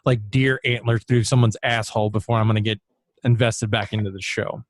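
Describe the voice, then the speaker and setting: A man's voice: lowish voice, steady tone, fairly quick, dry recording, clean studio sound. A man co-hosting a casual podcast, teasing his friends and swearing freely. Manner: teasing, profane, ribbing the others. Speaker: podcast co-host. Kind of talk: casual chat.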